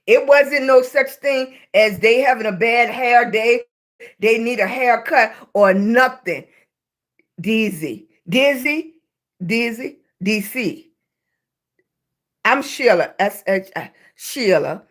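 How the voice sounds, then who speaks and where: A Southern woman with a high, bright-toned voice chats live with her viewers into a phone or webcam mic. She talks slowly, greeting each new arrival by name and calling them baby. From Southern United States. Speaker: livestream host. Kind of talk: casual livestream chat with viewers.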